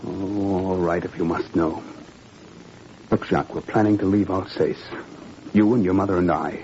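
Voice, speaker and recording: A man playing an anxious, gentle father who talks in an earnest, pleading way, in 1940s radio acting. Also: sits low, steady tone, normal speed, close to an everyday voice. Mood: tense. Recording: dull 1940s radio broadcast, faint hiss.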